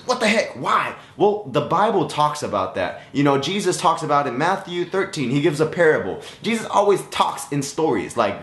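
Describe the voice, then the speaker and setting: A man's voice: a little high, sing-song, moderate pace, hardly any pauses, fairly bright tone, a little hiss or hum. A young man giving a casual, goofy Bible lesson, full of sound effects and silly voices. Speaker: youth Bible teacher. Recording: echoey room with faint music.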